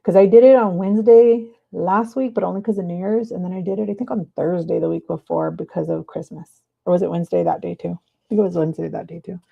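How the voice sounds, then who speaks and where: A woman hosting a live stream from her desk, chatting casually and breaking into high excited cheers, on a clip-on mic. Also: fast talker, vocal fry, narrow, tinny audio. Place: home desk. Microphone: clip-on mic in her shirt.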